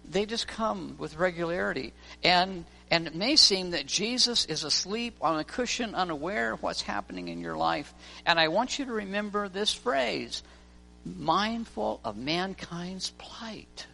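Preaching in a church, a pastor tells stories and voices the people in them. He has a high-pitched, expressive, sharp voice with vocal fry, speaking at normal speed with few pauses, against the long reverb of a church hall and faint music.

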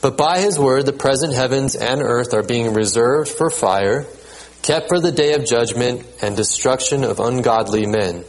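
On a rough recording, a mid-range male voice preaches a sermon as a pastor, chatting conversationally, repeating himself, and asking "okay?" to check in. He reads scripture aloud at a steady, measured rhythm.

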